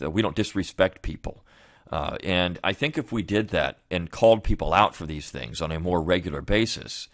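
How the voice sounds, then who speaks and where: Low-voiced man musing in a dry room. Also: fairly bright tone, no room sound. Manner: rambling, frequent restarts and fillers. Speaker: podcast host. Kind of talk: casual spoken commentary.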